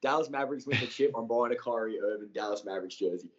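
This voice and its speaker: A man co-hosting a casual sports podcast, excitable and slangy, calling friends "mate" and "bro". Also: medium pitch, fast, dull audio. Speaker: podcast co-host.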